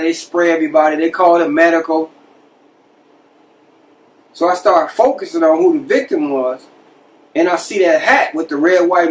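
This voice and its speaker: A man tells a story from his own past in a loose, conversational way. He slips into the voices of the people he quotes. His voice sits a bit high for a man and sounds set back from the microphone. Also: far from the mic, slight background noise, poor audio. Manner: conversational, animated retelling with quoted dialogue. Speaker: podcast host telling a personal prison story. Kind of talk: casual storytelling.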